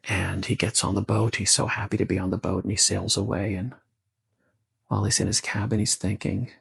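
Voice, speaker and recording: A man telling a story in a casual, conversational way with asides, his voice gravelly and husky. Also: lowish voice, little pitch movement, moderate pace, a bit bright, no echo. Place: bungalow colony.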